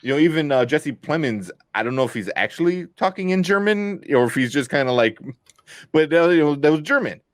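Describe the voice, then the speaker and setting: A man's voice: fairly high pitch, lively intonation, brisk, no room sound. Young guy rambling about a movie, lots of likes and ums, dry close sound. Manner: rambling, lots of fillers and restarts. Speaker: podcast co-host. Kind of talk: casual movie review chat.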